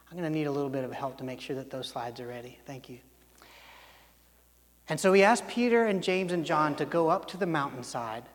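A man with a high voice preaches a sermon in a large hall, and the sound carries a long reverb. He talks conversationally, stumbling into restarts, then acts out the quotes he tells. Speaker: pastor.

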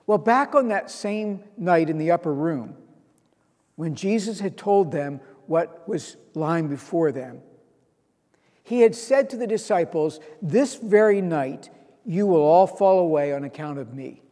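A man's voice: fairly high pitch, expressive, unhurried, mellow, big-room sound. A man preaching a sermon, earnest, reading out scripture and stressing key lines. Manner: earnest, quoting scripture with rising emphasis.

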